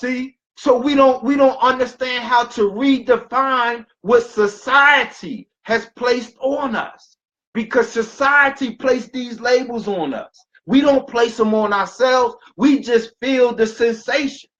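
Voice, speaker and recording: This is a man coaching on health and stress in a high voice with a slow, deliberate pace. He preaches in repeating phrases and bursts into loud emphasis. The recording sounds dull and lo-fi. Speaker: wellness coach. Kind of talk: motivational health talk.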